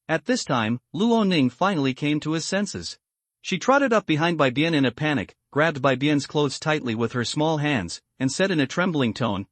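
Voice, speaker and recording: A man narrating a story recap in a steady, scripted reading. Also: on the high side, normal speed, no echo.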